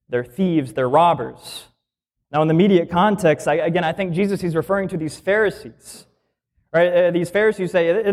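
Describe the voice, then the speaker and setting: A male minister delivers a sermon in a fairly high voice. He preaches with energy and emphasis, firing off rhetorical questions and drawing out the phrases he wants to land. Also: a little mellow.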